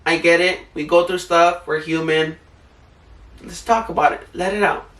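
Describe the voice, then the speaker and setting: A man's voice: a little high, fairly even intonation, moderate pace, fairly bright tone, reverberant, distant mic. A young man vlogging about coping, talking in an earnest, rambling way with many "like" fillers. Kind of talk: casual heartfelt advice talk.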